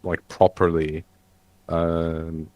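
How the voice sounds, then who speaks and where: A man's voice: deep voice, little pitch movement, drawn-out words, darkish tone, dry recording. A man chatting casually on an online roundtable, hesitating often with fillers and restarts. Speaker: roundtable panelist.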